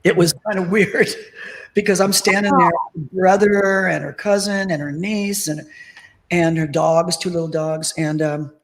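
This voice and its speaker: A middle-aged woman, a tribute band singer, chatting as an interview guest and telling lively anecdotes full of acted-out quotes. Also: lowish voice, measured pace, low-quality recording. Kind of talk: casual interview storytelling.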